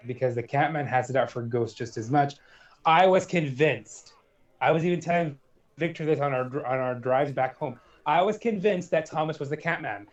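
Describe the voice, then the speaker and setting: A man's voice: a little high, normal speed, distant mic, highs cut off. A man who plays in the campaign, chatting eagerly and stringing his clauses together. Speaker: player. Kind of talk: casual chat.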